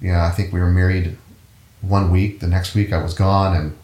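A man's voice: low voice, level tone, normal speed, a little mellow. A middle-aged man, a musician guest in an interview, telling his story in an easygoing, rambling way and often correcting himself. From United States. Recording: roomy echo.

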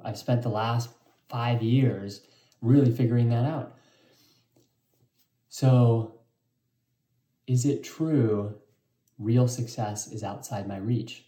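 A man hosting a reflective personal vlog, talking in an earnest, introspective way with soft pauses. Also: mid-range voice, steady tone. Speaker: vlog host. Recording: echoey room.

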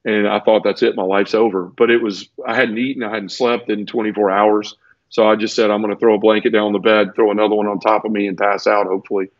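A man with a lowish, level voice speaks quickly as an interview guest, telling an emotional personal story. Earnest and teary, he keeps repeating words and restarting sentences. The recording is dull, lo-fi and dry, with no echo.

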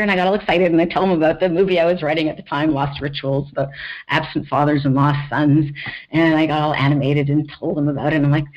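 A middle-aged woman, a screenwriter and author, telling her own story as a podcast guest, animated, often laughing and acting out quotes. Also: low-pitched, fairly quick, lo-fi sound.

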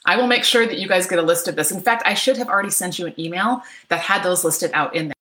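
A woman's voice: fairly low pitch, fast, bright, forceful tone, roomy sound. A middle-aged woman coaching an online workshop, upbeat and chatty, often checking in with "right?". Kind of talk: live online workshop talk. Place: home office.

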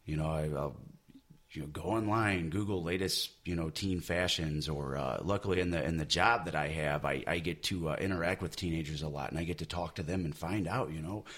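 Brief: deep-voiced male artist, loose conversational ramble, lots of "you know.". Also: a little fast, fairly bright tone. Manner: rambling, many you-knows and restarts. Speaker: comic book artist. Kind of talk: casual podcast chat.

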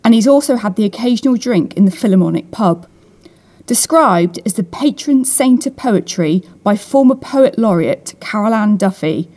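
Woman interviewer, mid-pitched voice, smooth prepared delivery, leads the questions. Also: mellow. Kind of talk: scripted introduction, then interview questions. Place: hotel book room, indoors.

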